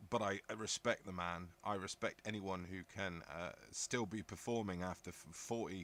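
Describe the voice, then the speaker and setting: A middle-aged southern English live streamer answers his chat in a low, bright, forceful voice, rambling casually and musing aloud as he reads out what viewers have written.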